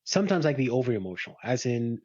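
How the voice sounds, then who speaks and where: A man's voice: mid-range voice, big pitch swings, racing, a little mellow, dry recording. Male podcast co-host, candid and chatty, muffled dry recording. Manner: candid, talks through his own relationship habits. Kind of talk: casual chat. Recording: dull dry sound.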